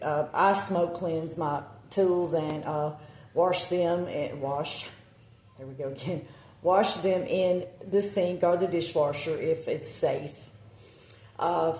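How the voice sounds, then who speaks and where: A woman's voice: low voice, warm tone, roomy sound, slight background noise. A woman with a Southern accent chatting casually to her phone camera, rambling with lots of ums and self-corrections. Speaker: witch vlogger.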